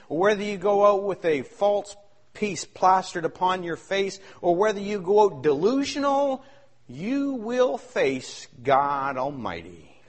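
A male pastor preaching a sermon, swinging between shouted excitement and hushed asides. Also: on the high side.

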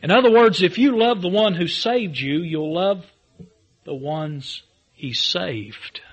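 A man's voice: sits high, takes it slowly, breathy edge, lo-fi sound. Man preaching with emphatic swells. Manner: reads scripture in King James wording. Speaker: pastor. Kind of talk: sermon.

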